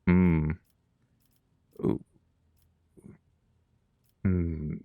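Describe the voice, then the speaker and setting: A man's voice: deep voice, flat delivery, drawn-out words, dry recording, narrow, tinny audio. A man streaming a video game, reading its text aloud with casual chatty asides.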